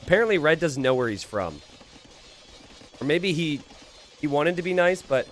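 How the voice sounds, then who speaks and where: A game commentator who hosts his own channel gives casual gameplay commentary in a lively, fairly high male voice. He's animated and excitable, quick to laugh and exclaim, and chats with viewers by asking them questions.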